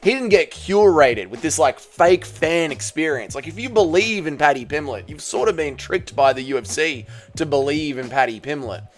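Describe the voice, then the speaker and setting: Lively, joking male MMA host. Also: a little high, normal speed, hardly any pauses, faint music behind. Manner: joking, irreverent, trailing off and restarting. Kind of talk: casual ranking rant.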